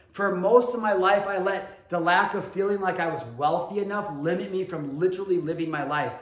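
A man in his thirties, his voice sitting fairly high for a man, tells a personal motivational story straight to his viewers. He moves from hushed, confiding passages to fervent bursts. The room around him rings with a noticeable echo. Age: 30s. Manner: earnest, swings from hushed to fervent, addresses viewers directly. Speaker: motivational vlogger.

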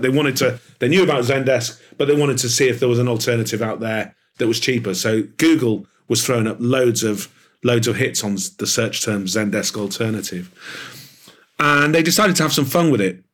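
A man being interviewed as an author, talking in an animated, enthusiastic way with plenty of fillers. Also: mid-range voice. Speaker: author and guest. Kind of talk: podcast interview.

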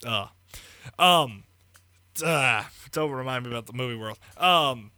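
A man's voice: medium pitch, lively intonation, a little slow, pushed and bright, smooth, no echo. A young man hosting a podcast in casual, jokey banter, swearing freely. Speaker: podcast host.

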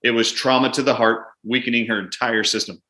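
Bright-voiced man telling a vivid clinic story. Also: medium pitch, a little fast. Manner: animated, acts out both sides of a patient exchange. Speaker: doctor and guest. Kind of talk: conversational storytelling.

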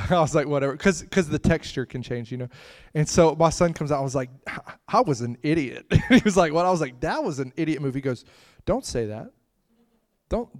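A middle-aged man preaching a sermon in a conversational, storytelling way, with laughing asides and swings from loud bursts to hushed remarks. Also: on the high side.

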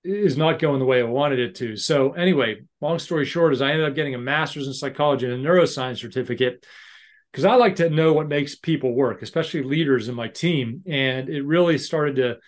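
A man's voice: mid-range voice, a little fast. A middle-aged American man, a leadership coach, telling his career story candidly with self-deprecating humor and some stumbling restarts. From United States. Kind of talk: casual interview storytelling.

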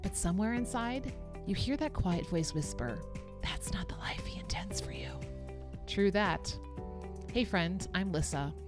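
A middle-aged woman hosting a faith-based podcast, talking in an encouraging, conversational way. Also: fairly low pitch. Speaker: podcast host. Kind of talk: scripted podcast intro and casual teaching.

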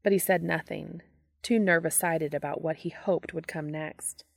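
A woman with a lowish voice and a gravelly, fry-tinged texture reads a story aloud in a steady, measured way. Her voice sounds dry and close, with no room around it. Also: dry recording. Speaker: podcast reader. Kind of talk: reading fan fiction aloud.

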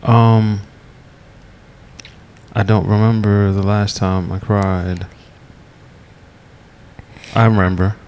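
A man's voice: on the low side, little pitch movement, slow, pauses often, a little mellow, slight background noise. A man on a casual podcast who gives dry, brief answers.

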